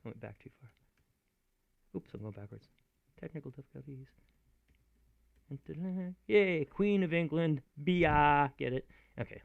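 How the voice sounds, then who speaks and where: A man teaching in a chatty, animated way, often laughing as he explains. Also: medium pitch, vocal fry, no echo, phone-quality sound. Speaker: acting teacher. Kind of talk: video lesson.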